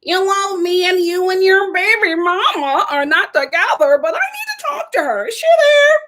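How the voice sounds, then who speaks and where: A fretful fiancée with a high, pleading whine, as a woman puts her on. She sounds anxious and needy, and her voice climbs when she begs. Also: big pitch swings, moderate pace, a bit bright, exaggerated voice.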